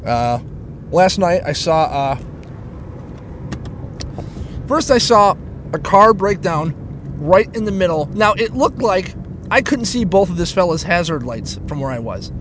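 Brief: high-pitched male podcast host, foul-mouthed rant from his car, low road hum underneath. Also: sing-song. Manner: profane, fast-shifting, stumbling restarts. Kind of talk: casual ranting monologue. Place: inside a moving car. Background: engine rumble of the car.

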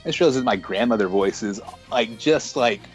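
A man playing as a contestant in a podcast quiz, joking and buzzing in with a quick word. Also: lowish voice, faint music behind. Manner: jokey, buzzes in with a quick "hey". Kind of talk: casual podcast banter.

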